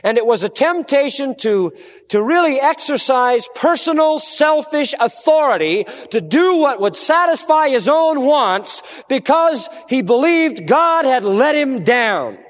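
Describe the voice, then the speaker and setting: A man preaching a sermon, earnest and emphatic, dropping low and quiet to stress a point. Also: sing-song, unhurried, long reverb tail.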